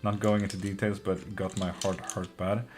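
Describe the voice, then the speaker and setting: A man's voice: sits low, little pitch movement, normal speed, music in the background. A man hosting a live tarot stream, chatting loosely with viewers, swearing freely and getting openly emotional and affectionate. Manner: loose and profane, swears freely, laughs often. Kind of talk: casual live-stream chat, reading out viewer comments.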